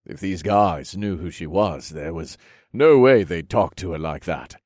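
A man reading a novel aloud in measured first-person narration. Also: low voice, no echo, studio quality. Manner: steady, measured storytelling. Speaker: audiobook narrator.

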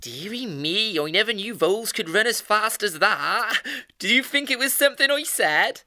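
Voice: medium pitch, expressive, moderate pace, pushed and bright, dry recording, clean studio sound. A performer doing a chirpy young hedgehog thief. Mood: surprised. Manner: chirpy, slangy, calls others mate. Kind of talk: full-cast audiobook acting.

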